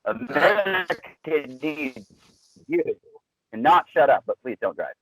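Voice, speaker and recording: A man's voice: fairly high pitch, big pitch swings, a bit bright, no echo, poor audio. Podcast guest guy laying out his arguments, dry sense of humor, super dry close sound. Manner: measured, explanatory, dry wit. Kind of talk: casual podcast chat.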